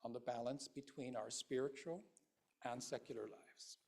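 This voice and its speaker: A man's voice: medium pitch, steady tone, normal speed, vocal fry, darkish tone. A male guest minister giving a Buddhist dharma talk in a conversational way, with fillers and asides to the audience.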